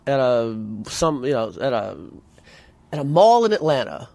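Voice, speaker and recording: A man's voice: mid-range voice, big pitch swings, moderate pace, gravelly, a little mellow, no echo. A man guesting on a comedy talk show, telling stories casually and swearing freely. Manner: storytelling, profane, laughs often. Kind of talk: casual interview chat.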